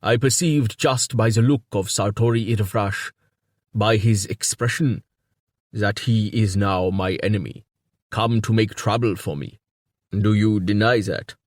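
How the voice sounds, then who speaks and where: A defensive foreign king in an audiobook, pushing hard for answers and wary of enemies around him, voiced by a male narrator. His voice is on the low side and the sound is dry and close. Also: unhurried, no echo. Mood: suspicious, pressing. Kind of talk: audiobook character reading.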